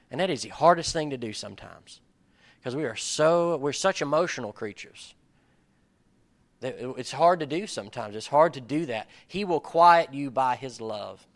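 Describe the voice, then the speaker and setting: A man leads a casual sermon in an earnest, conversational voice with a gravelly, slightly fried texture. His pitch sits in an ordinary middle range. He talks plainly to his listeners and now and then builds to emphatic peaks. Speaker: pastor or Bible study leader. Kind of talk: informal sermon.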